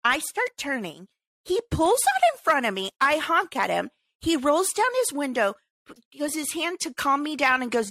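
A woman with a high, bright voice rants in an animated, exasperated way as a podcast co-host. She talks casually and heatedly. The sound is close and dry. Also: normal speed, dry recording. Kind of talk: casual chat.

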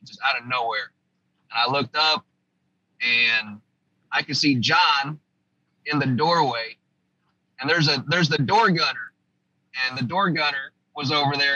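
Husky, forceful American veteran storyteller. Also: male voice, mid-range voice, highs cut off. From United States. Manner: vivid first-person war retelling with restarts. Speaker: podcast guest, former army sergeant. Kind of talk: casual interview storytelling.

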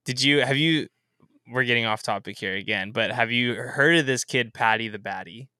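A man's voice: medium pitch, moderate pace, clean tone, no echo. A young man co-hosting a podcast, telling stories in casual sports chat and peppering them with bro, dude and swearing. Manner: animated storyteller, swears, says bro and dude. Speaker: podcast co-host.

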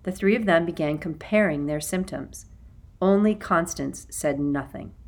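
A woman reading a children's novel aloud as an audiobook narrator, in an expressive storytelling manner. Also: low voice, a little slow. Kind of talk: scripted narration.

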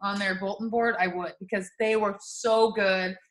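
A woman's voice: mid-range voice, moderate pace, reverberant. A woman telling a personal story in casual chat, laughing and acting out what people said. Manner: animated, laughing storytelling with voiced quotes.

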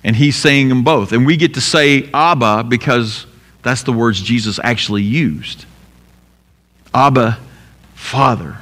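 A pastor giving an emphatic sermon, asking rhetorical questions and repeating key lines. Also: male voice, medium pitch, moderate pace, fairly bright tone, long reverb tail.

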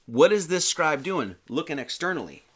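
Lively man preaching a casual sermon. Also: on the high side, moderate pace, slightly rough. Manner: animated, chatty, many restarts and slang. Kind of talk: casual sermon with Bible reading.

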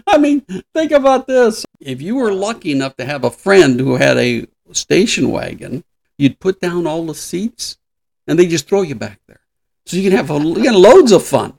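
A man in his sixties hosts a casual podcast, his voice sitting high for a man. He rambles through anecdotes with frequent chuckles, a chatty storyteller among friends. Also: very animated, normal speed, creaky, darkish tone. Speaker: podcast host. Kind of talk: casual chat.

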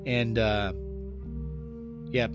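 Outspoken male podcast co-host, mid-pitched, clear music bed behind. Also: drawn-out words. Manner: animated, blunt, jumps up in pitch when worked up. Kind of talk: casual chat.

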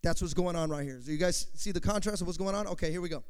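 A male pastor preaching a sermon, talking straight to the congregation and swinging from loud bursts to hushed asides. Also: high-pitched, racing, smooth. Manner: talks to the congregation directly.

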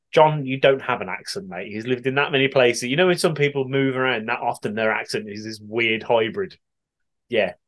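This West Midlands man hosts a podcast, giggling and chatting casually as he goes through listener answers, with plenty of laughter and swearing. He speaks at a moderate pace, pausing often, in a medium-pitched, slightly bright voice.

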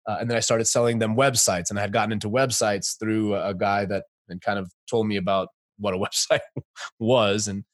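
A man in his forties, a guest entrepreneur telling his story in a casual interview, animated, laughing often, with many fillers. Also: fairly low pitch, a little fast, no room sound, clean studio sound.

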